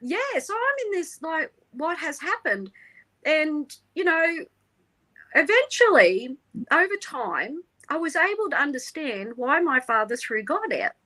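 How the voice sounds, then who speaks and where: High bright woman telling her story. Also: a little slow, poor audio. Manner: animated, acts out quoted voices, laughs often. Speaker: interview guest. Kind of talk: emotional personal storytelling.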